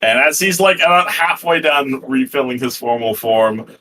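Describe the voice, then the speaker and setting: A man's voice: mid-range voice, lively intonation, normal speed, pushed and bright. A man narrating as game master of a tabletop role-playing game, rambling and restarting his sentences as he describes the scene. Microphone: headset or desk mic on a live stream.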